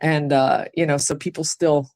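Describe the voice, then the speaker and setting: A woman's voice: low-pitched, fairly even intonation, normal speed, a little mellow. A woman from the area, chatting casually and laughing often. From Philadelphia area. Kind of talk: casual chat.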